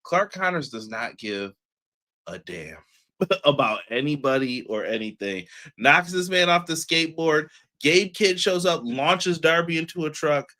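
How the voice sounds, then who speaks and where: Slangy, animated wrestling reviewer man. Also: on the high side, a little slow. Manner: slangy, animated, laughs often. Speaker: podcast co-host. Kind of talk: casual wrestling show review.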